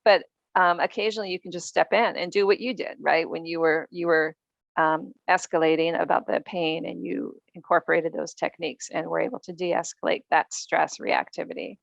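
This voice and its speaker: A woman's voice: fairly low pitch, fairly even intonation, normal speed, gravelly, no room sound, muffled recording. A woman guest author in a podcast interview, explaining earnestly with frequent ums.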